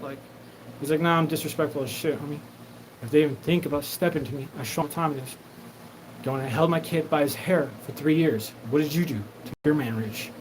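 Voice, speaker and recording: A man's voice: a little high, steady tone, fast, darkish tone, rough recording. Rambling profane man over background noise. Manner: profane, rambling, acts out quoted exchanges. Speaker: host. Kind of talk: rambling solo monologue.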